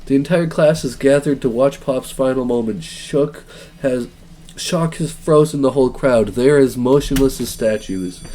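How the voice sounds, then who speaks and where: A young man streaming a dating game, reading it aloud with excitable, joking reactions. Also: mid-range voice, moderate pace, slight background noise.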